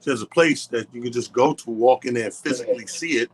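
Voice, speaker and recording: A man's voice: mid-range voice, fast talker. A man, a comic co-hosting a radio show, chatting loosely and swearing casually. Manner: loose, profane, conversational.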